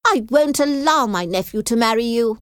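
A woman's voice: mid-range voice, lively intonation, takes it slowly, no echo, studio quality, voice pushed up. A woman reading aloud voices a haughty, aggressive old aristocratic lady who speaks in a commanding, hostile way. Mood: angry.

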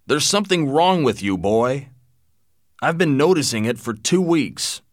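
Guy reading a blunt old dad who lectures, dry sound, swings his pitch a lot. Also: lively intonation, a little slow, no echo. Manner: forceful, lecturing. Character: blunt rich old father, gruff.

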